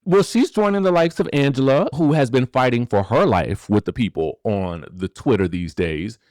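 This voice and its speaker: A man hosting a celebrity gossip show, animated and rhetorical. He keeps firing questions at his viewers and checking in with them. His voice sits in a middle range and sounds dry and close. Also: mid-range voice, moderate pace, no room sound. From rural area. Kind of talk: casual celebrity gossip commentary.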